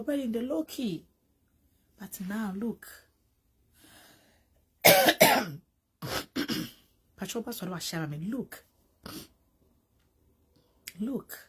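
A woman with a Ghanaian accent giving animated, casual gossip commentary, mixing English with Twi and often repeating words. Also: on the low side, husky. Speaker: entertainment vlogger.

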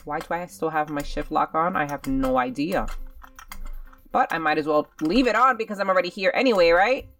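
A woman's voice: low voice, brisk, a bit bright, dry recording, far from the mic, faint music behind. A young woman doing casual game commentary, chatty and dramatic, talking straight to her viewers while she plays. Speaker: gaming channel host.

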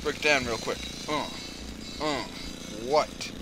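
A young man giving casual let's-play commentary, excitable and swearing, often yelling at the game. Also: mid-range voice, takes it slowly, noisy background. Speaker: gaming channel host. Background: game music and sound effects.

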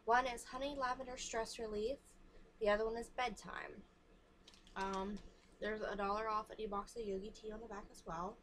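A woman's voice: medium pitch, level tone, normal speed, fairly bright tone, slight background noise. A young woman vlogger chatting frankly and casually while showing free samples to the camera. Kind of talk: casual chat.

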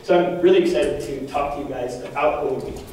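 Animated young man in an echoey hall. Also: mid-range voice, fairly quick. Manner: animated, laughs often, many fillers. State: losing his voice. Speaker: parish speaker. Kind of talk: lively storytelling talk to a group. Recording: echoey hall from far off, faint noise.

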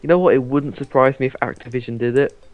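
A man with an ordinary mid-pitched voice chats through a video game session. He teases his friends and breaks into laughter often. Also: quick pace, phone-quality sound, soft background music. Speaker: player. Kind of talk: casual chat while playing a video game.

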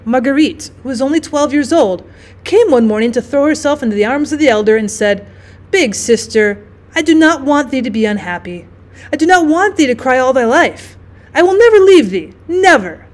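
A woman teacher narrating a classic story in a measured, expressive storytelling way. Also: fairly high pitch. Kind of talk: audiobook narration.

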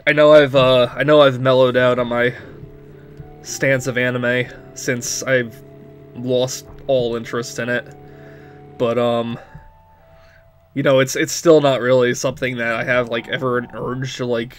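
Young man at mid pitch, loose and chatty over faint background music, full of filler words and frequent giggling; he sounds like someone narrating a game for a video series. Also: little pitch movement, measured pace. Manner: rambling, frequent "like", giggly laughing fits. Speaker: let's play commentator. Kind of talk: casual gameplay commentary.

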